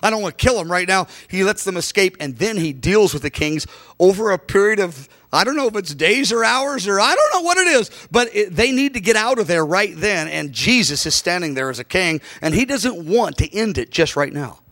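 A man's voice: high-pitched, lively intonation, normal speed, a bit bright. A middle-aged man preaching a sermon emphatically, acting out quoted lines.

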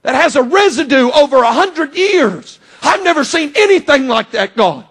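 A middle-aged man preaching a sermon with impassioned delivery, often shouting and swinging sharply between loud and quiet. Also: very high voice, very animated, normal speed.

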